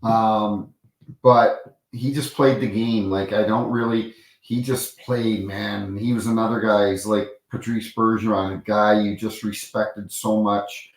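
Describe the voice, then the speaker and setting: A man's voice: fairly low pitch, little pitch movement, a little slow, reverberant, poor audio. A man, a former referee, telling rambling anecdotes with many restarts and acted-out quotes in a casual interview.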